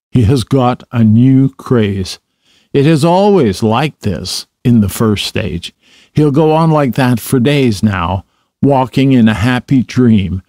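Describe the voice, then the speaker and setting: A man's voice: mid-range voice, mellow, no room sound, studio quality. A man doing a blunt, sensible water rat. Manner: firm, matter-of-fact. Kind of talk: storybook reading.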